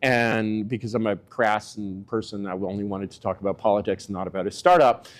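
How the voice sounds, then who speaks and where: A man offers casual, rambling political commentary packed with filler words, his pitch going up and down for emphasis. His tone is steady and he talks a little fast.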